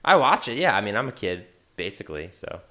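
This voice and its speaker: A man from Philadelphia chatting casually about movies on a podcast, excitable and jokey, often stumbling over his words. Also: lowish voice, quick pace. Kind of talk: casual chat.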